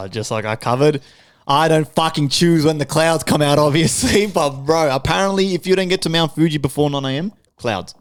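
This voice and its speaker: Loud, swearing Australian bloke. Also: male voice, on the high side, moderate pace, dry recording. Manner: loud, swearing, jokey banter. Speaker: podcast guest. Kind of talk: casual podcast chat.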